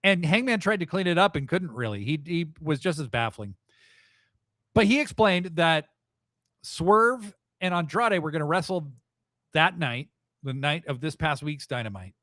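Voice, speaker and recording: A man hosting a live wrestling podcast, recapping events in a rambling, excitable, profane way. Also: fairly high pitch, moderate pace, no room sound, studio quality. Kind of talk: casual live show recap.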